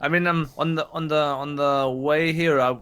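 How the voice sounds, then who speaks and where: A man playing a tabletop game, speaking in a halting, hesitant way full of fillers and restarts. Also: on the high side, steady tone, a bit bright, clear, resonant tone. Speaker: player.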